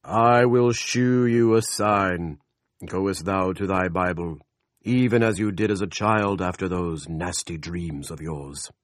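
A man putting on the booming voice of God. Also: no echo, clean studio sound. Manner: loud, slow, solemn old-fashioned speech. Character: booming scolding male voice of God. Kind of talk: audiobook character voice.

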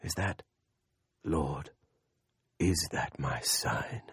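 A man voicing a desperate preacher in an audiobook, growly, hushed and slow as he pleads in prayer. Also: sits low, slightly rough, no echo, clean studio sound, heavily acted. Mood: fearful. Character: desperate pleading middle-aged male preacher. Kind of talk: audiobook character voice.

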